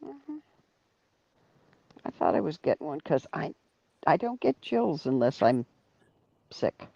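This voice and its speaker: A woman chatting casually on a call to a friend's stream, rambling easily, slightly sick with a low fever. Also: very animated, normal speed, creaky, dark tone, slightly rough, dry recording, highs cut off. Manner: easygoing, rambling small talk. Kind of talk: casual chat.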